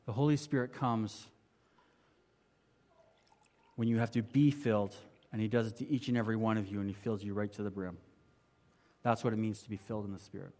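A man preaching a sermon in a conversational way, asking the congregation rhetorical questions and moving between emphatic and quiet passages. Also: steady tone, a little fast, long pauses. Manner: swings from emphatic to quiet and low. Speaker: pastor.

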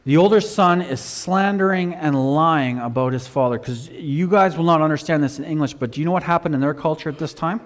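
Man, preacher, animated sermon storytelling, slightly high voice, long hall reverb. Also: brisk, few pauses. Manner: animated storytelling, rising loud for emphasis then dropping low.

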